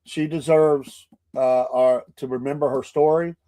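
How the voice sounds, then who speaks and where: A man's voice: mid-range voice, steady tone, a little slow, dark tone. A man with a mid-range voice hosts an online interview over a video call. He is effusive, piling on affirmations and stumbling as he repeats words. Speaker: show host. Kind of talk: interview hosting.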